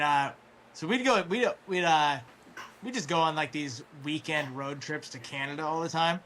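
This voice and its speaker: A man telling a long story in casual chat, rambling with fillers and restarts, clearing his throat as his voice wears out. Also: a little high, pushed and bright, slight background noise. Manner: rambling, full of fillers and restarts, swears freely. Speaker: guest storyteller.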